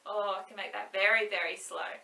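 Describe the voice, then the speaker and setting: A woman's voice: mid-range voice, fairly even intonation, fairly quick, creaky, bright, forceful tone. A woman running an online story time for young children as a librarian, cheerful and sing-song, recorded in a library. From Australia. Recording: echoey room, mic at a distance.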